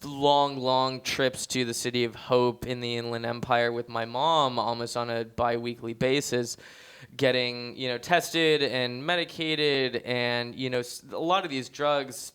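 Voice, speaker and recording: A young man chatting as a podcast guest, telling stories in a lively, animated way. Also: medium pitch, unhurried, clean tone. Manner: animated storyteller, acts out quotes. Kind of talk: casual interview chat.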